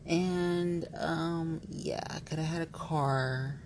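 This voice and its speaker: A woman's voice: low voice, steady tone, takes it slowly, darkish tone, a little hiss or hum, low-quality recording. A woman chatting candidly to camera, rambling and playful, frank and a little giggly, with lots of "like.". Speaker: vlogger. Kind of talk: candid casual chat to camera.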